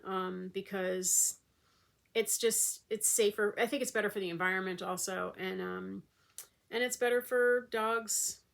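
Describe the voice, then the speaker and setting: Brief: rambling, chatty woman vlogger, mid-pitched, with a lot of vocal fry. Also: fairly bright tone. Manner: rambling, chatty, many fillers. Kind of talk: casual chat.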